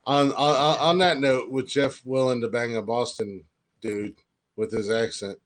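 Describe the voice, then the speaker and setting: A man's voice: mid-range voice, steady tone, a little slow. A man co-hosting a comedy podcast, teasing his partner in a laid-back, dry way. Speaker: podcast co-host. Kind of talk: crude comedic banter.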